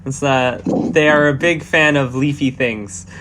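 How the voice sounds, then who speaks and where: Man, game master, slow and hesitant narration, faint hum behind. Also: mid-range voice, steady tone, fairly bright tone. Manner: halting, full of fillers and restarts.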